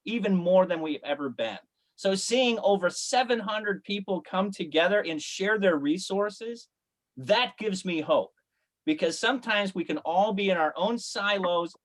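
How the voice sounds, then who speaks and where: Earnest high-voiced male panelist. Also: a bit bright, poor audio. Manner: earnest, grateful. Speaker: panelist, education board member. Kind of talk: panel discussion.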